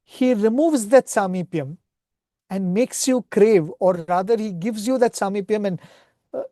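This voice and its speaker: Brief: earnest male retreat speaker, mellow tone, dry close sound, devotional storytelling. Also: high-pitched, a little slow, no echo. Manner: earnest, retells scripture stories, often asks "right?".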